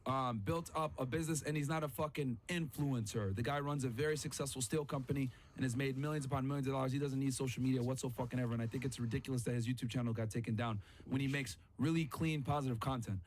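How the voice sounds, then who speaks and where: A man's voice: medium pitch, steady tone, quick pace, few pauses, a little hiss or hum. A man hosting a podcast, giving heated reaction commentary full of profanity and repeated phrases. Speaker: podcast host.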